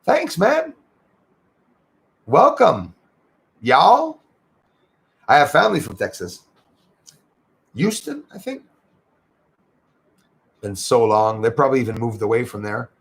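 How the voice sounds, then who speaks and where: A man's voice: mid-range voice, wildly swooping pitch, slow, creaky, long pauses. A Canadian man hosting a casual livestream, chatting loosely and thanking viewers by name as he reads their comments. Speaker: livestream host.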